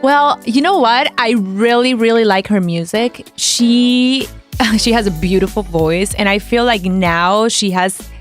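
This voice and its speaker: A woman's voice: fairly high pitch, unhurried. Female guest with an accent, enthusiastic and giggly; faint background music. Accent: foreign accent. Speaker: guest, DJ and producer. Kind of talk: casual interview chat.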